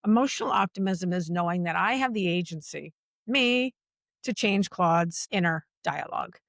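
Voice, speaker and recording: A woman speaking as a podcast guest about workplace culture, talking in an animated, emphatic way and repeating phrases for stress. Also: fairly low pitch, normal speed, creaky, no room sound, studio quality. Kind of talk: conversational podcast interview.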